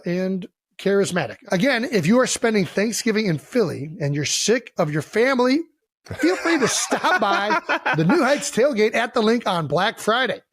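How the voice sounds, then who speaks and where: Excitable podcast guy from ohio, high voice bouncing all over, cusses a lot. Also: dry recording, clean studio sound. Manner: boisterous, swears freely, excitable. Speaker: podcast co-host. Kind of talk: casual podcast chat.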